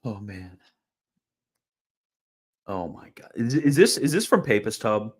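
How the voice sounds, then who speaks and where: His voice on the low side and sing-song, a young man answers chat at a measured pace during a live stream. He keeps it casual, rambling with fillers and laughing at what viewers post.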